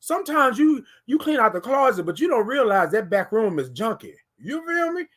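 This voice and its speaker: A man hosting a casual morning livestream, greeting viewers and reading their comments aloud in an animated way. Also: extremely high pitch, moderate pace. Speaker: livestream host.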